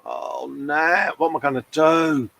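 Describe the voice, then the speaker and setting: A man's voice: fairly high pitch, fairly even intonation, unhurried, vocal fry, fairly bright tone, low-quality recording. A man hosting a live stream from his hobby bench, chatting casually, reading out viewer comments and laughing at himself. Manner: chatty, self-mocking, laughs often, calls people mate. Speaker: host of a live model-painting stream. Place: hobby workbench at home.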